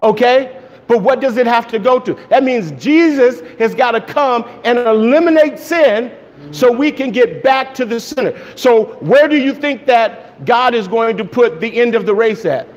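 A man preaching a sermon, excited and emphatic, often asking his listeners questions. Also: very high voice, moderate pace, highs cut off. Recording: long echo of a hall, faint noise.

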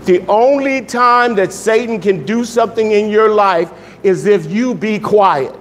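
A man's voice: high-pitched, a little slow. A man preaching as pastor to a congregation, emphatic and affectionate, repeating his key phrases. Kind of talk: church sermon to a live congregation. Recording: roomy hall with background noise.

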